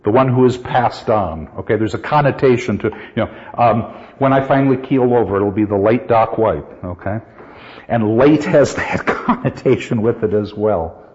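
An older man teaching a poetry class, reading verse aloud with slow, emphatic stress and putting questions to his students. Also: fairly low pitch, a little mellow. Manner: asks the class questions and answers them. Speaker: literature teacher. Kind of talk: classroom lecture. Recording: dull, lo-fi sound with long hall reverb.

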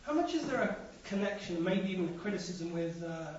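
A man's voice: high-pitched, very animated, a little fast, a little mellow, slight background noise. A man in the audience hesitantly asking the lecturer a question. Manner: tentative, hesitant. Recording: distant, very echoey, dull.

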